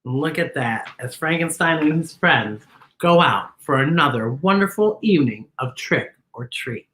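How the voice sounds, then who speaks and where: A woman with a low-sitting voice reads a picture book aloud at a moderate pace during a children's storytime. She's animated, full of exclamations, and asks the kids questions directly.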